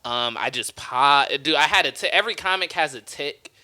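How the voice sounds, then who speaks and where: Animated young man telling a comedy story. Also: a little high, moderate pace. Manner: animated, acts out voices of others, laughs often. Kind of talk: casual storytelling chat.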